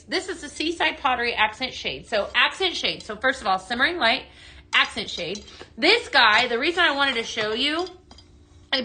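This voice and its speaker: A woman's voice: fairly high pitch, sharp tone. A woman hosting a chatty live shopping stream, bubbly and upbeat as she demos products and greets viewers by name.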